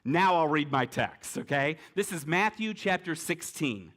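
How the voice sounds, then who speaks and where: A middle-aged man delivers a sermon as a pastor, his voice sitting a little high for a man. He takes his time, speaking slowly and chatting with the congregation through rhetorical questions. He slips in light, humorous asides along the way. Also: expressive, fairly bright tone. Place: church service with congregation.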